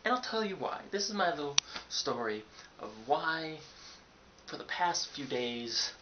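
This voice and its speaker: A young man, a college student, telling a sarcastic, animated story in a casual vlog from his dorm room. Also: on the high side, a little slow. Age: young adult. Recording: dull lo-fi webcam audio with hiss.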